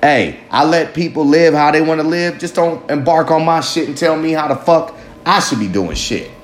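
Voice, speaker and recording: Speaking at a moderate pace in a fairly high voice, a man rambles candidly to camera in a self-reflective way, cursing often and chuckling at himself. There's slight background noise, a roomy echo and faint ambience.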